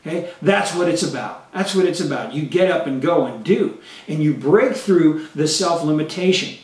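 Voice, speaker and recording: A man's voice: a little high, lively intonation, moderate pace, a little mellow, roomy sound, distant mic. A man giving a motivational lesson in a punchy, emphatic way, repeating each key phrase for his listeners to write down. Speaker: self-defense and mindset instructor. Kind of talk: motivational teaching monologue.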